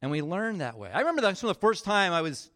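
Male pastor, relaxed storytelling sermon, slightly high voice, filler-heavy, acts out quotes. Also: fast. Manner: chatty, leans on fillers like "like" and "you know". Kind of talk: conversational sermon.

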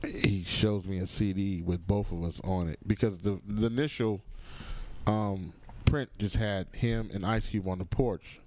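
A man's voice: lowish voice, measured pace. A man chatting casually as a podcast guest, telling stories with profanity and acting out the voices of the people in them. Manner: animated storyteller who acts out voices.

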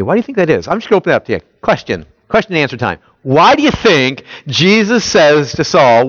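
A man's voice: fairly high pitch, big pitch swings, fairly quick, hardly any pauses, no room sound. A man preaching a sermon, asking the audience questions and filling in the answers himself. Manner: quizzes listeners, fills in his own questions. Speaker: pastor. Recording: dull lo-fi, dry.

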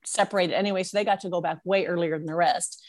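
A woman's voice: fairly low pitch, fairly even intonation, fast, no room sound, studio quality. A woman, a dance teacher, telling stories in casual conversation. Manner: storytelling, laughs while telling.

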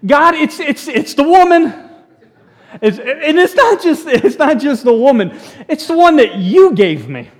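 A man's voice: very high-pitched, big pitch swings, unhurried, pitched above the performer's own voice, exaggerated voice. A man voicing the first man as a whining figure who shifts the blame, putting him on in the middle of a sermon. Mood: whiny, defensive.

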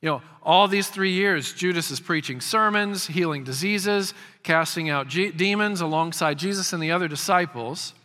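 Pastor in his 50s, fairly high bright voice, emphatic sermon, stutters into phrases, long hall echo. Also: moderate pace, hardly any pauses. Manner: emphatic, repeats words when starting phrases.

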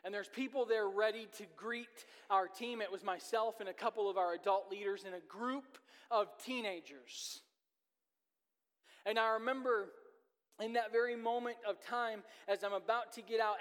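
A pastor preaching a sermon, telling a personal story in earnest, with his pace speeding up and slowing down. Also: high voice, a bit bright. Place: church sanctuary. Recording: long reverb of a church hall.

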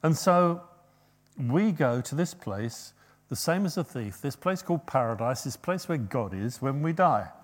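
A man preaching a sermon, rising to loud, emphatic quoted passages and dropping to quiet asides. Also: medium pitch, expressive, unhurried.

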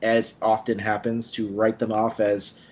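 A man's voice: lowish voice, monotone, unhurried, low-quality recording. A man hosting a podcast interview, chatting in a conversational way with hesitant restarts. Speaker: podcast host. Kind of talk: casual interview chat.

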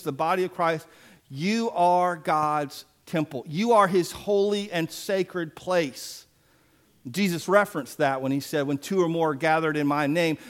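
A man preaching a sermon as pastor, folksy and emphatic with playful asides. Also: high-pitched.

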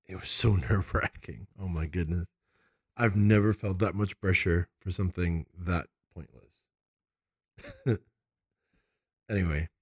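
A man hosting a casual tabletop games podcast, animated and quick to laugh, recording in a makeshift home studio. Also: lowish voice, husky, no room sound. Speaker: podcast host.

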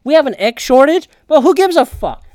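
A woman's voice: sits high, sing-song, fairly quick, warm tone, no room sound, clean studio sound. A woman hosting a solo podcast, ranting casually with lots of swearing, sarcastic and opinionated. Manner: profane, ranting, swears often. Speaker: podcast host.

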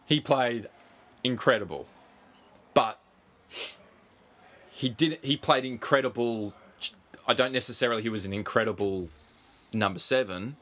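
A man co-hosting a casual sports podcast, animated, swearing freely and pushing on through interruptions. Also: medium pitch, unhurried, pauses often. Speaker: podcast co-host.

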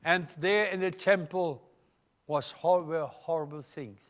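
A man's voice: fairly high pitch, unhurried. An older man with a German accent preaching a live sermon in church, emphatic and questioning the congregation. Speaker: pastor.

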